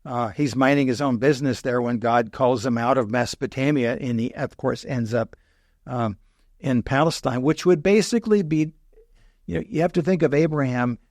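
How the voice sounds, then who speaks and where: An older male professor talking through ancient history in a loose, lecturing way, circling back to fix his wording and slipping in dry jokes. His voice sits in an ordinary middle pitch, recorded close and dry with no room sound. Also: moderate pace, darkish tone, dry recording. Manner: digressive, self-correcting, wry asides. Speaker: history professor and podcast guest. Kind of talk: explanatory conversational lecture.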